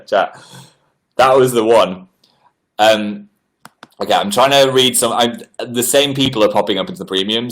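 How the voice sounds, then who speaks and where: A man hosts a relaxed livestream from indoors, reading viewers' messages aloud and answering each one. His voice sits at an ordinary middle pitch. His delivery is chatty and animated, and it leaps upward when something surprises him. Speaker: livestream host. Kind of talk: casual livestream chat reading viewer comments. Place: indoors at home.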